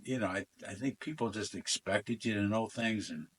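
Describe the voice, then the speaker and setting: A man's voice: fairly low pitch, normal speed, a bit bright, slightly rough. Older man spinning rambling stories. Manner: rambling anecdotes, acts out quoted dialogue, frequent fillers. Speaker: former football player, interview guest. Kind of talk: casual storytelling interview.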